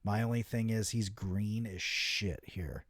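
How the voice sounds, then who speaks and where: A man's voice: fairly low pitch, measured pace, no echo, studio quality. A man co-hosting a casual wrestling podcast, laid-back and sarcastic, often chiming in with short agreement. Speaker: podcast co-host.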